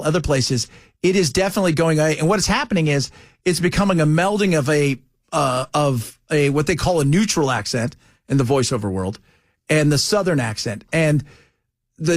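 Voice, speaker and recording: A man hosting a talk radio show, chatting casually in an animated, teasing, storytelling way. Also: a little high, no echo, clean studio sound.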